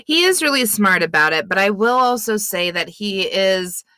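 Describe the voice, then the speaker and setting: A woman's voice: mid-range voice, lively intonation, normal speed, pushed and bright, clear, resonant tone, no room sound, studio quality. A woman co-hosting a podcast, giggly and blunt, swearing freely in casual chat. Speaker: podcast co-host.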